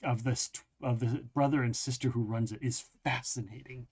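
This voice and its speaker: A man's voice: medium pitch, fairly even intonation, normal speed, darkish tone, slight background noise, lightly acted. A man voicing Winston, an earnest courtly aide. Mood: courteous. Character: diplomatic male noble's aide, poor at sarcasm.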